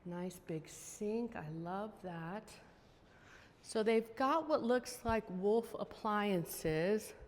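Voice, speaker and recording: A woman's voice: medium pitch, lively intonation, very slow, big-room sound. A woman real estate agent giving a casual walking tour of a house, chatty and enthusiastic as she points out features. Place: outdoors then inside a large house.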